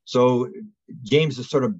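A man being interviewed as a guest researcher, telling stories in a rambling, animated way with many restarts. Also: medium pitch, slow, highs cut off. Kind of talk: casual storytelling interview.

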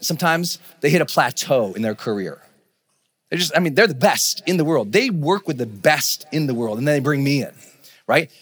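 A middle-aged man giving a live motivational talk on stage, energetic, with shouted bursts and laughing asides. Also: fairly high pitch. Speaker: motivational speaker. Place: large event stage before a crowd.

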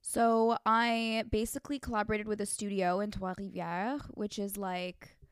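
A young woman, co-hosting a podcast in casual chat and reacting warmly to her friend. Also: medium pitch, flat delivery, normal speed, smooth, no echo, clean studio sound. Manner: responsive, agreeable listener. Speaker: podcast co-host.

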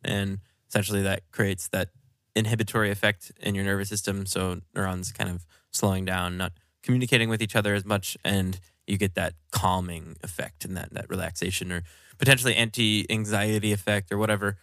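Young male podcast co-host, low-ish voice, bright, dry close mic, rambling science explainer. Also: steady tone, brisk, vocal fry, no room sound. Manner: explanatory, many ums and fillers. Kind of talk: casual podcast chat.

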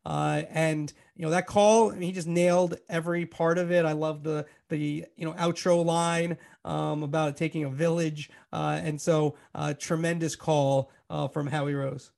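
A man with a New York accent co-hosting a sports media podcast, talking casually with many pauses and fillers. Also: on the high side, level tone, vocal fry, darkish tone. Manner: hesitant, lots of uh fillers. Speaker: podcast co-host.

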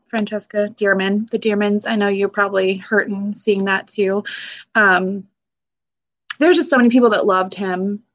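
Emotional woman veteran, halting speech. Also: mid-range voice, fairly bright tone, highs cut off. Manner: halting, emotional, with frequent fillers and nervous laughs. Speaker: military veteran guest. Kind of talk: emotional interview conversation.

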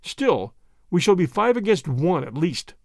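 A man's voice: sits high, sing-song, a little slow, dry recording, clean studio sound, heavily acted. A man voicing a cold, menacing schemer. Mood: commanding. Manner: cold, commanding, roughly threatening. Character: stern, cunning, menacing male official.

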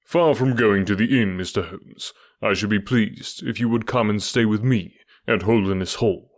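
A man voicing a stately, cold middle-aged duke who speaks in a deep, sonorous, formal way. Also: normal speed. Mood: coolly formal.

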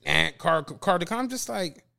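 A man's voice: high voice, moderate pace, vocal fry, clean tone. A man co-hosting a podcast, telling stories in casual chat, swearing freely and acting out what people said. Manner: animated storytelling, swears freely, acts out quotes. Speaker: podcast co-host.

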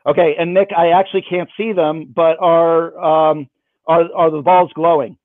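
A man's voice: a little high, fairly even intonation, moderate pace, no echo. A man performing magic for someone over a video call, with playful, self-mocking patter. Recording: dry, phone-like band.

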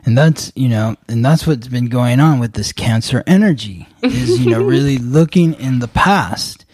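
A man's voice: mid-range voice, animated, normal speed, a little mellow, no room sound. Man co-host offering supportive remarks. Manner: supportive listener with frequent affirmations. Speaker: podcast co-host. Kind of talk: casual chat.

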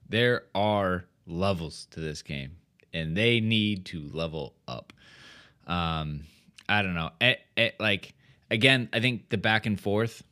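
Rambling, low-voiced podcast co-host man. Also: pushed and bright. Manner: rambling, filler-heavy, trails off. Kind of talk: casual podcast recap.

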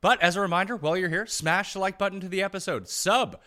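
A man's voice: high voice, fast talker, sharp tone. A man hosting a sports betting podcast in a hyped, promo-style way. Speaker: podcast host.

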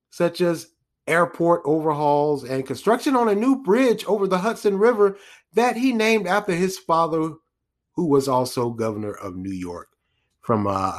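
Rambling man commenting on news. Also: fairly high pitch. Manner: rambling, with many restarts, asides and chuckles. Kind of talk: casual news commentary monologue.

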